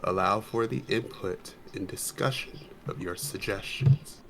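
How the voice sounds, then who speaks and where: A man playing a measured, stern adventurer. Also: on the low side, a bit bright, slight background noise, poor audio. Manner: slow, deliberate delivery. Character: measured male adventurer giving stern advice.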